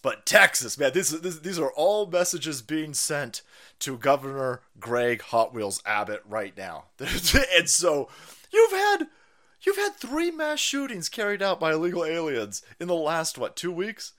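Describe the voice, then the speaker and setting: A man hosting a ranting political livestream, loud and mocking, laughing often and mimicking other people's voices. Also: on the high side, animated, measured pace. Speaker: livestream host.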